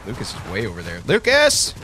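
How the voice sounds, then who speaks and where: A man hosting a casual gaming livestream, reacting with quick excited exclamations. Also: lowish voice, a little hiss or hum. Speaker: streamer host.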